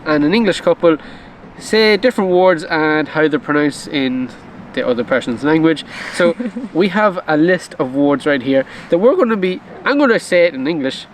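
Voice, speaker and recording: A man's voice: fairly high pitch, animated, normal speed, hardly any pauses, a little hiss or hum, rough recording. A man in his thirties chatting outdoors by a camper van, presenting with a teasing, upbeat manner. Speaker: vlogger. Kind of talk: casual chat.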